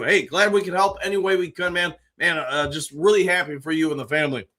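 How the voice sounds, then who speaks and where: A man hosting a live stream, reading viewer comments aloud and answering each with a quick, upbeat reply. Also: a little high, bright, forceful tone. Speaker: show host reading live chat. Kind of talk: casual live-stream chat.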